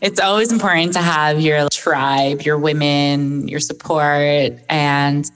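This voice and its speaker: A woman's voice: low-pitched, steady tone, slow pace, a bit bright, long reverb tail. Upbeat, affirming woman podcast host. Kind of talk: casual interview.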